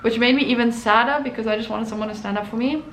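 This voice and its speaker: Brief: animated woman host, fairly high voice, echoey room, telling a story casually. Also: fast, slight background noise. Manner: animated, acts out quotes. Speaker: artist and channel host.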